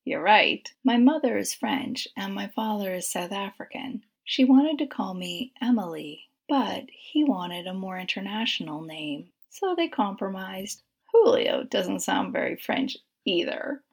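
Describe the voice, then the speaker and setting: A woman reading the lines of a shy, self-conscious young woman in a soft, breathy half-whisper. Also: medium pitch, animated, measured pace, few pauses, heavily acted.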